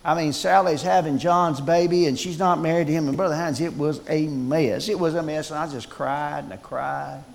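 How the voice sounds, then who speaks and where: A man's voice: a little high, moderate pace, gravelly, few pauses, long reverb tail, pitched below the performer's own voice. A man putting on a whiny, self-pitying adult churchgoer who cries over trivial things, in exaggerated mock-tearful tones.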